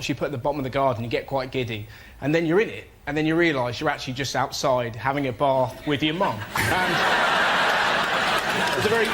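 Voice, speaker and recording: Young comic, high-ish voice, fast excitable stand-up delivery, heavy noise. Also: male voice. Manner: quick, excitable storytelling with shouted punchlines. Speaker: comedian panellist. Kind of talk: stand-up comedy routine. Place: TV studio with live audience. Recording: loud noise and audience laughter.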